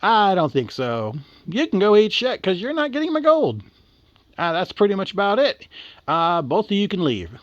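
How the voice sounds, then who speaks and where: A man's voice: fairly high pitch, sing-song, measured pace, dry recording, dull audio. A man voicing a rude, greedy, foul-mouthed male leprechaun who cusses crudely and brushes people off. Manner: crude, cussing, dismissive.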